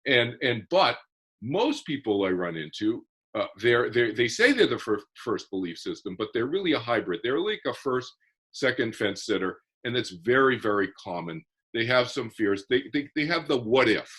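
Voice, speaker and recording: A man with a husky, slightly rough voice at a middle pitch, talking as a guest in a casual interview. He explains things earnestly and methodically, stumbling into repeated restarts as his thoughts gather. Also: very animated, moderate pace, fairly bright tone.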